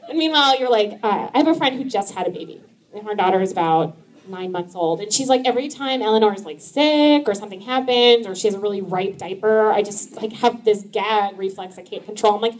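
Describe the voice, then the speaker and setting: A woman in her thirties doing a stand-up comedy set, chatty and laughing often, with many likes and ums, jumping high when she quotes herself. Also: lively intonation, a little fast, darkish tone.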